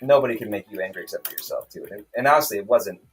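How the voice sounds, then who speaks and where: A man's voice: lowish voice, lively intonation, racing, a bit bright. Profane, rambling man streamer. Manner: heated, profane, rambling with restarts. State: angry, then calming down. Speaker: streamer, self-published author. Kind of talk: casual livestream rant.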